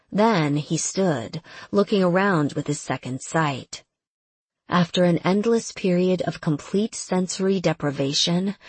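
Woman, audiobook narrator, measured delivery, slow, husky. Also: on the low side, no echo. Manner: measured, steady. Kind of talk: scripted narration.

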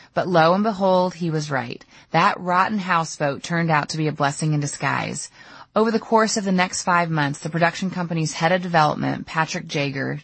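A woman's voice: low-pitched, a bit bright, slightly rough, no room sound. A middle-aged woman narrating her own audiobook memoir in a candid, storytelling way. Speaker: author reading her memoir.

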